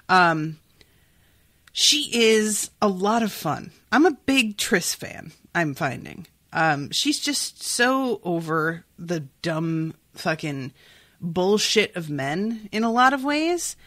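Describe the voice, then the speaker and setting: A young woman hosting a podcast with a lively, swooping voice and a slightly sniffly sound. She chats casually, filling her talk with "like" and "um". The recording is close and dry. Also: fairly low pitch, takes it slowly, no echo. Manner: chatty, full of "like" and "um". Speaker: podcast host. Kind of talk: casual chat about a book.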